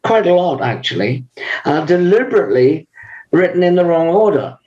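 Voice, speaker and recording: An older man talks in an unhurried way, pausing often as he builds a thought. His voice sits a little high for a man. The recording sounds dull and lo-fi. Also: lively intonation, darkish tone. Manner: measured, unhurried storyteller with frequent pauses. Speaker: guest, author and lama. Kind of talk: conversational interview.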